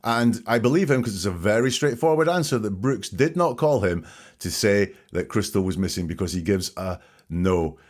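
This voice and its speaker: A man hosting a podcast, calmly picking apart interview answers phrase by phrase. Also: lowish voice. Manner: measured, dissecting each phrase. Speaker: podcast host. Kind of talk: analytical commentary on interview clips.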